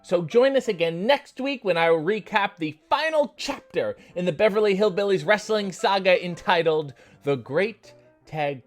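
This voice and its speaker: Man, sarcastic recap host, deadpan jokes, swearing, lively swooping pitch, faint music under. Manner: deadpan, profane, jokey asides. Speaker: comedy wrestling recap host.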